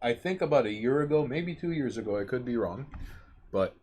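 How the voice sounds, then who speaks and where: A man's voice: mid-range voice, lively intonation, a little fast, noisy background. A man co-hosting a casual chat show. He rambles and stumbles over his words. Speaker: podcast co-host.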